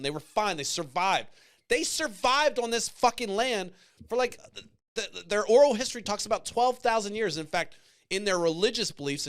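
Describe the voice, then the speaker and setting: Man, slightly high voice, passionate, profane, casual podcast commentary. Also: fairly bright tone. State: choked up. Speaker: podcast host.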